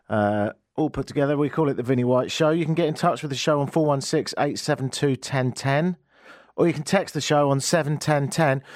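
A man hosting a radio show, telling a joking story in an animated way from a studio. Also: mid-range voice, dry recording. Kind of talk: comic radio monologue.

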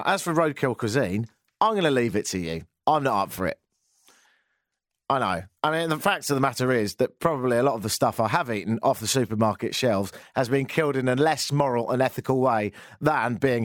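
Wry radio host, lively pitch. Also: male voice, no echo, studio quality. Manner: wry, self-mocking, rambling asides. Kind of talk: chatty radio monologue.

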